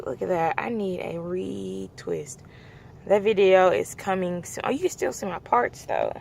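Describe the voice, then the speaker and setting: Young woman telling a story, animated. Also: fairly low pitch, normal speed, gravelly, slight background noise. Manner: animated, acts out quoted dialogue. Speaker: vlogger. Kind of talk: casual storytelling vlog.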